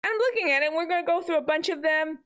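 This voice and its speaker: A woman hosting a teen advice show, chatting to young viewers in a casual, animated way. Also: fast talker. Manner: animated, chatty, jumps between high and low tones. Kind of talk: casual advice talk to teens.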